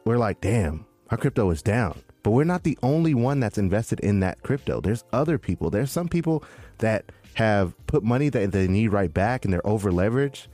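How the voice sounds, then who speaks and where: A low-pitched man co-hosting a casual podcast, excitable and full of slang. Faint music plays underneath him. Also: normal speed, dry recording. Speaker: podcast co-host. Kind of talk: casual crypto chat.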